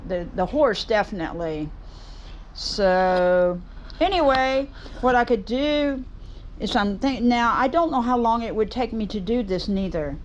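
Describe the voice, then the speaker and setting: A woman's voice: mid-range voice, muffled recording. Southern lady chatting away in her wood shop, folksy and rambly, bit of faint background noise. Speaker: woodturning vlogger. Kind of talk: casual chat to camera. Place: home workshop.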